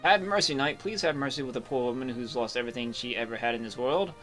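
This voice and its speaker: A man's voice: medium pitch, fast talker, a bit bright, soft background music, close to an everyday voice. A man reading game dialogue aloud, voicing a grieving young woman innkeeper who begs a knight for help in a tearful, pleading way.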